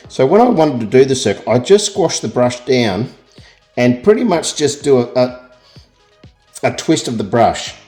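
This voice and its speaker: A middle-aged Australian man talks through a painting as he works, in a fairly low voice. His delivery is rambling and chatty, full of little self-deprecating jokes. Soft music plays faintly behind him. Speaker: art tutor. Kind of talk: real-time painting tutorial.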